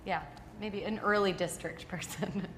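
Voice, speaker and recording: A woman's voice: mid-range voice, steady tone, measured pace, fairly bright tone. A young actress in her twenties answering audience questions casually, rambling and self-deprecating with lots of "like". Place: auditorium with live audience. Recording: echoey hall with reverb and clear noise.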